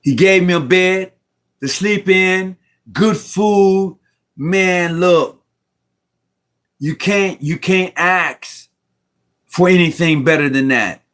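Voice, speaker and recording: Middle-aged man, high voice, rambling and heartfelt, slangy, choked up at times, speaking over a video call from home. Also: takes it slowly, pauses often, a bit bright. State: near tears. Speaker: Mason guest on a live stream. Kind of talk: emotional casual talk. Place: room at home.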